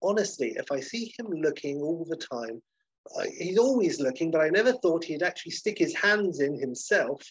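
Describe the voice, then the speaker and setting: A man's voice: fairly high pitch, expressive, moderate pace, slightly rough, no echo, dull audio, pitched above the performer's own voice. A man voicing prim, gossiping elderly ladies who are over sixty. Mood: gossipy.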